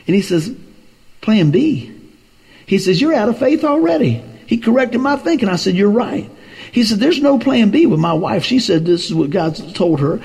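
Husky, emphatic male preacher. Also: on the high side, darkish tone. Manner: emphatic, repetitive preaching with frequent amens. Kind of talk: sermon.

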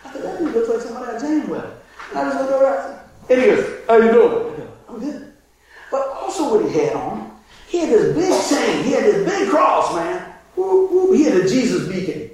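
A man preaching a sermon and telling a story, animated, laughing and shouting at the high points. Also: a little fast. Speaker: pastor. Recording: very echoey hall, distant mic, faint noise.

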